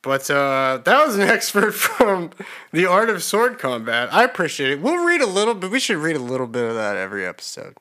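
Guy cohosting a podcast, crude jokes, super lively up and down voice. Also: fairly high pitch, brisk. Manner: joking, crude, animated. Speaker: podcast co-host. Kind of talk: casual podcast banter.

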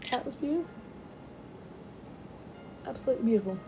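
High-voiced woman gushing over a game. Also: lively intonation, a little fast, noisy background. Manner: gushing, repeats exclamations. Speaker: gaming podcast host. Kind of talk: game commentary.

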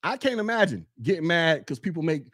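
A man doing a casual commentary podcast from his desk at home, blunt and mocking with loud bursts. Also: on the high side, big pitch swings, brisk, dry recording, clean studio sound.

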